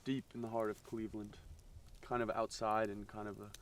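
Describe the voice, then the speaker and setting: A man's voice: lowish voice, little pitch movement, a little fast, recorded from a distance, slight background noise, close to an everyday voice. A young man telling a campfire story to friends, hamming it up. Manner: hammy, playing it up.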